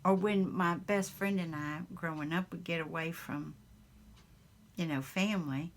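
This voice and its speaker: A woman with a Southern US accent chatting casually while she crafts in her home craft room. She rambles, chuckles often and fills her pauses with ums. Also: on the low side. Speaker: craft vlogger.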